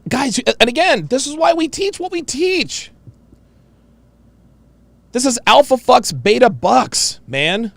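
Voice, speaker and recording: A man's voice: extremely high pitch, wildly swooping pitch, slow, creaky, long pauses, fairly bright tone, dry recording. A man giving mocking, emphatic reaction commentary on a played clip.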